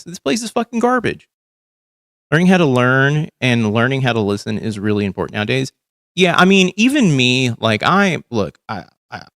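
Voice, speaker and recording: A man's voice: medium pitch, fairly bright tone, no room sound, clean studio sound. A man hosting a livestream from home, ranting in casual, profane commentary, tired and overcaffeinated. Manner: rambling, profane, exasperated ranting. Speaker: livestream host.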